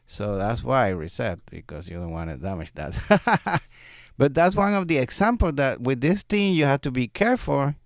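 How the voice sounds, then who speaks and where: A man teaching a music software tutorial, explaining step by step in a relaxed way and laughing often. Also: mid-range voice, moderate pace, gravelly, no echo, studio quality. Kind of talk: screen-recorded software tutorial. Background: vocal track playback.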